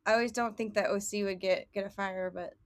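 A woman's voice: mid-range voice, steady tone, fairly quick. A woman hosting a podcast, chatting loosely with many fillers and laughing often. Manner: giggly, loose, lots of fillers. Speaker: podcast host. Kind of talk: casual interview chat.

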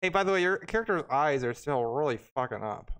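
A man's voice: on the high side, expressive, a little fast, fairly bright tone, clear, resonant tone. A man chatting casually during a game stream, laid-back and rambling in his banter. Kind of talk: casual gaming chat.

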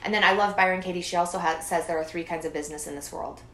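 A woman in her thirties, a podcast guest talking in a lively, expressive way and often laughing. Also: on the low side, rapid-fire. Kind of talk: casual interview chat. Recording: roomy echo.

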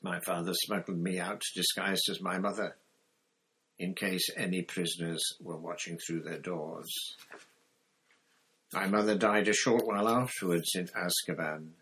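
A man reading a flat, dazed young prisoner. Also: deep voice, measured pace, slightly rough, heavily acted, rough recording. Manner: flat and expressionless. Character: drugged young man confessing in a daze.

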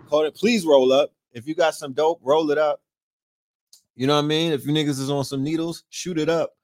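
A man's voice: fairly high pitch, steady tone, fairly quick, darkish tone, dry recording, studio quality. A man hosting a late-night livestream, brash and profane, constantly asking his viewers rhetorical questions. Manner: profane, brash trash talk; frequent rhetorical asides to viewers. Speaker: livestream host.

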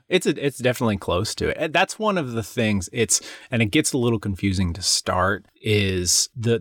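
A man with a low, gravelly voice talks in a loose, rambling way. He often restarts sentences and laughs between thoughts. The sound is dry and close. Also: no room sound. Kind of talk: casual chat.

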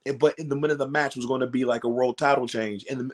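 Give me a man guesting on a wrestling podcast, animated, acting out quotes as he tells a story. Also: mid-range voice, very fast. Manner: animated, acts out quotes, swears freely. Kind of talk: casual storytelling in a podcast interview.

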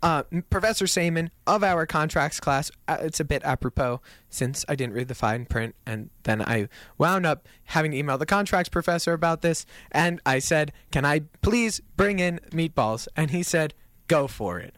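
A man's voice: fairly high pitch, moderate pace, no room sound. A young man in his twenties co-hosting a radio show, telling a story in casual chat and acting out the quotes. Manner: animated storyteller, acts out quotes, laughs often.

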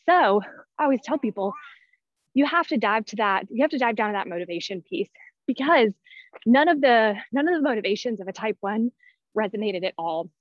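A woman's voice: a little high, expressive, fairly quick, no room sound. A woman in her thirties, out of breath, chatting casually as a podcast guest with lots of fillers and restarts. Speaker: guest, personality-type teacher. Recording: dull, dry lo-fi sound.

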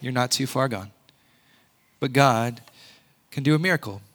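A man preaching a sermon, conversational and earnest, often rising to loud emphatic peaks. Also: mid-range voice, moderate pace. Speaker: pastor.

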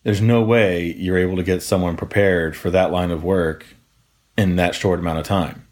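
A man's voice: low voice, steady tone, moderate pace, darkish tone. A man co-hosting a podcast, telling stories from his deputy days in a casual, profane, laughing way. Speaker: podcast co-host, former jail deputy.

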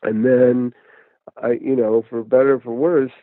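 A man's voice: mid-range voice, little pitch movement, a little slow, no echo. A man in his fifties, a guest counselor and musician, telling his story in a rambling, conversational way over a phone call. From United States. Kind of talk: casual interview over phone. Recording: tinny phone line, dry.

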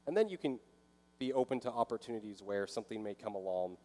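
A man's voice: on the low side, expressive, fast talker, mellow. A man delivers a sermon in an easy, conversational manner. He sometimes slips into short voices of a worried listener. His voice rings with a long hall reverb. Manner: conversational, acts out inner voices. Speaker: pastor.

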